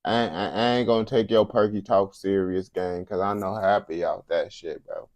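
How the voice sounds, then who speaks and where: A man's voice: deep voice, fairly even intonation, normal speed, darkish tone, no echo. A man streaming casual reaction commentary, blunt and heavy on slang.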